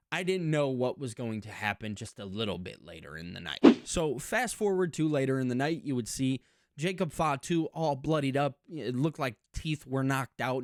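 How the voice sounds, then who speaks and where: A man with a middle-pitched voice talks through a wrestling recap in a chatty, emphatic way, often doubling his words when he gets excited. The recording is dry and close, with no room sound. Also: no echo. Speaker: wrestling commentary channel host. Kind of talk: casual recap and opinion monologue.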